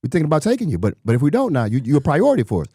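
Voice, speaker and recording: A man's voice: a little high, wildly swooping pitch, rapid-fire, mellow, husky, dry recording, voice pushed up, exaggerated voice. A man doing an impression of an older male football coach who stammers and repeats himself in eager, clipped bursts.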